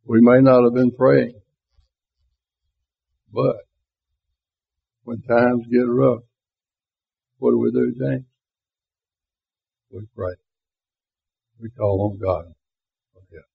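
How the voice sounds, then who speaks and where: A man's voice: medium pitch, steady tone, slow, vocal fry, long pauses, slightly rough. A man teaching a Bible class in a conversational way, asking his listeners rhetorical questions. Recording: tinny phone-like lo-fi recording.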